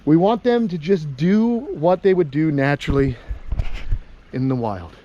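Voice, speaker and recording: A man's voice: on the high side, lively intonation, a little slow, dark tone, lo-fi sound, slight background noise. A man hosting a casual backyard vlog, chatty and upbeat, a little out of breath, fondly talking to his animals. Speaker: vlog host. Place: outdoor backyard. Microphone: handheld phone.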